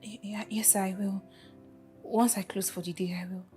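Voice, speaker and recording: A woman's voice: medium pitch, fairly even intonation, moderate pace, mellow, close to an everyday voice. A woman plays a timid Nigerian cleaner who stammers and sounds tearful. Her manner is hesitant and deferential. Faint film music plays behind her. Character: timid young woman cleaner, hiding tears. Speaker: office cleaner.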